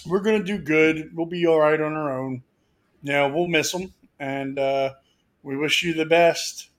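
A man's voice: on the high side, measured pace. A man from Philadelphia co-hosting a podcast, signing off in crude, joking casual chat full of swearing. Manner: swearing, joking, loose sign-off. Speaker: podcast co-host.

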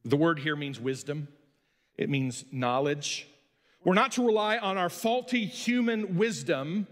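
A man preaching a sermon as pastor, swinging between loud emphasis and quiet asides. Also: high voice, long reverb tail.

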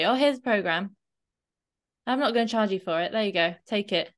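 A woman fitness coach co-hosting a podcast, chatting casually and often checking in with a quick "right?". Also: mid-range voice. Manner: chatty, animated, often tags a questioning "right?".

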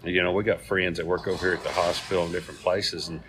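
A man's voice: low-pitched, steady tone, fast, noisy background. A man, co-hosting a casual chat and telling jokes in a folksy way. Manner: folksy storyteller. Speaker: co-host.

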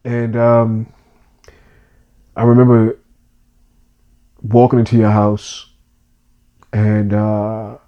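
A man's voice: lowish voice, monotone, extremely slow, long pauses, dull audio. A man co-hosting a podcast, telling a personal story in an earnest, emotional way with casual slang.

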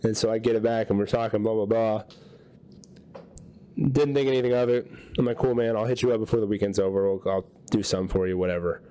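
Talking quickly in a voice on the low side, this man co-hosts a podcast and spins a lengthy story during casual conversation. He animatedly acts out the quotes of the people involved.

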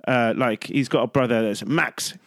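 A man's voice: mid-range voice, normal speed, a bit bright, dry recording. Guy on a football podcast, cracking jokes and rambling, dry close sound. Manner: joking, rambling, laughs at his own jokes. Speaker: podcast co-host. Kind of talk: casual football chat.

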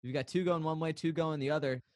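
A man's voice: fairly high pitch, fairly even intonation, fast talker, darkish tone, dry recording. A man co-hosting a podcast in casual chat, playful and rambling, laughing often. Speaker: podcast co-host.

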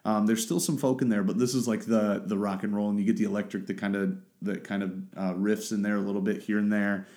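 A man's voice: fairly low pitch, level tone, fast, few pauses, darkish tone. A man hosting a solo podcast, talking casually and rambling as he searches for the right words. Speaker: podcast host.

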